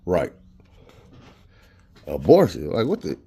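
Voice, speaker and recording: Man, low voice, casual storytelling, slangy and profane, acts out quotes. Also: huge pitch swings, slow, warm tone, husky.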